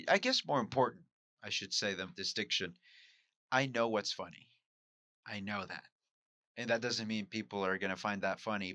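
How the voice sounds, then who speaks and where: A man from Mexico thinks out loud in a candid solo podcast monologue, questioning himself as he goes. His voice sits a bit low but has a sharp, forceful edge. The sound is dry, with no room echo. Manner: musing, self-questioning, candid. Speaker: podcast host and amateur stand-up comic.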